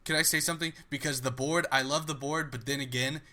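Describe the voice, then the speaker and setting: A man's voice: fairly high pitch, fairly even intonation, quick pace, sharp tone. A man co-hosting a podcast, chatting casually about football with frequent restarts. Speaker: podcast co-host. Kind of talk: casual sports chat.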